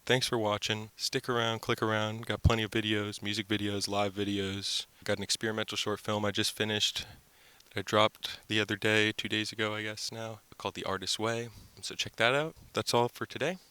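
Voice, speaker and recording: Young male vlogger, low-ish, dry close sound, goofy upbeat rambler, outdoors. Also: level tone, fairly quick, bright, forceful tone, smooth, no echo. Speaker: channel host. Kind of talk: casual vlog chat. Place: outdoors by the water.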